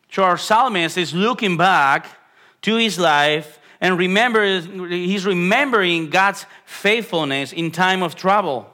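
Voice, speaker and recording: Earnest male preacher with a bright voice. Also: sits high, measured pace. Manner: earnest preaching with rising emphatic passages and repeated phrases; frequent restarts and filler "uh". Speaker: pastor. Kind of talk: sermon.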